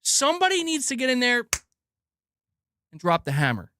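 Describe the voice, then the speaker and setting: A man's voice: very high-pitched, huge pitch swings, normal speed, pushed and bright, slight background noise. A man hosting a gaming news show, ranting casually with lots of swearing and restarts, laughing and mocking people as he goes. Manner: profane, rambling, laughs often, mocking voices. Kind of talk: casual opinion rant.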